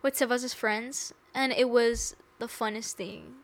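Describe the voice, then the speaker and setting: A young woman tells a story on her podcast in a bubbly, giggly way, filling her sentences with "like." Her voice sits a bit high, and she keeps it casual and light. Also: steady tone, unhurried, a crowd in the background. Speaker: podcast co-host. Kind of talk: casual chat.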